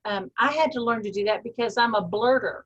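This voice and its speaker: A woman with a Texas twang leads a personal growth coaching call over video. Her voice sits a touch high, and she speaks in a loose, riffing way with deadpan humor and easy laughs. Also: a little fast, slightly rough, dull audio.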